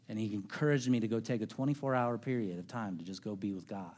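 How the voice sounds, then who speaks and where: A middle-aged male pastor preaching a sermon, telling a personal story with earnest, conversational delivery that drops to quiet, intimate tones. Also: fairly low pitch, brisk.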